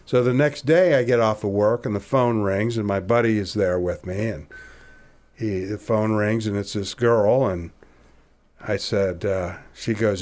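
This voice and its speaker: Low-voiced man around sixty telling a story. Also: normal speed. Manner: animated storyteller who acts out dialogue, laughing at himself. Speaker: podcast guest. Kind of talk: casual storytelling interview.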